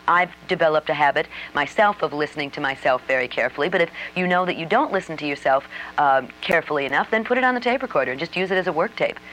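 A woman's voice: sits low, a bit bright, a little hiss or hum, rough recording. A woman teaching how to learn accents, explaining step by step with frequent fillers. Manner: explanatory, demonstrates sample sentences, frequent fillers. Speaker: dialect coach. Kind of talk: instructional talk on accents.

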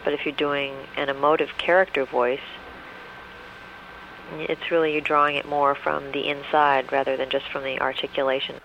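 A man's voice: mid-range voice, flat delivery, moderate pace, creaky, muffled recording, slight background noise. A man, a voice actor, explaining technique in a matter-of-fact way. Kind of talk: interview talk.

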